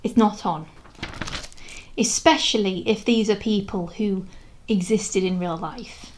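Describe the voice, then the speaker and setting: A young woman talks straight to camera in a loose, rambling vlog. Her voice sits at an ordinary middle pitch, and she speaks frankly, often restarting her sentences and sounding exasperated. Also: slow, slight background noise. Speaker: video creator reviewing a historical drama. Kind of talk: casual vlog commentary.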